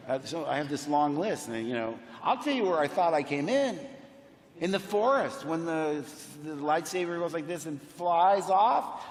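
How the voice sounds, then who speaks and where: A man speaking as a panel guest, telling animated stories to a crowd and acting out quotes in different voices. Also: a little high, normal speed. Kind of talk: anecdotal storytelling to a crowd. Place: large convention hall. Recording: echoey convention hall, faint hum.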